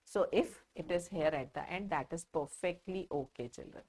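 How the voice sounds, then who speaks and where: A woman's voice: on the low side, normal speed, darkish tone, breathy edge. A woman teaching an English grammar lesson to children, speaking with an Indian English accent and explaining patiently with questions to the class. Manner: explains patiently, asks the children questions and answers them herself.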